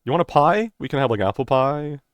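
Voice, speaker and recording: A man narrating as game master of a tabletop role-playing game, relaxed and rambling, with many fillers and restarts. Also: medium pitch, brisk, no echo.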